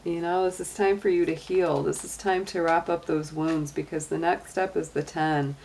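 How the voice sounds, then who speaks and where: A woman's voice: lowish voice, fairly even intonation, normal speed, a little mellow, slight background noise. A middle-aged woman giving a casual tarot reading, chatty and encouraging, with lots of "um" and "you know". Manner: chatty and encouraging, many fillers. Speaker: tarot and astrology reader.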